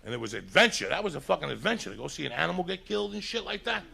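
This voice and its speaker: A gravelly male comic from Cuba tears through a stand-up set, his voice bright and raspy with fry. He tells rowdy, profane stories to a crowd that laughs along. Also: a little high, very animated, very fast. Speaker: stand-up comedian. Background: audience laughter.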